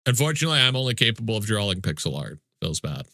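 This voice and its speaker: Man, livestreamer, casual chat with viewers, joking fake outrage, swears a lot, very bright edgy tone, dry close sound. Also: fairly low pitch, sing-song, fast talker, no echo. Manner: mock-indignant, joking complaints, swears freely.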